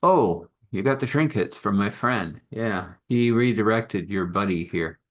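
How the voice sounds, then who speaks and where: A man's voice: lowish voice, animated, unhurried. A man voicing a kindly, casual male wandering trader in a told story, close to his own voice.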